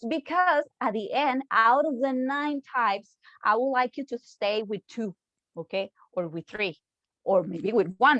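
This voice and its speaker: A woman's voice: on the high side, lively intonation, normal speed, a bit bright, no echo. Costa Rican woman lecturing, chatty. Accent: Costa Rican Spanish. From Costa Rica. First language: Spanish. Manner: chatty, often checks in with "okay?". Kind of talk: online lecture.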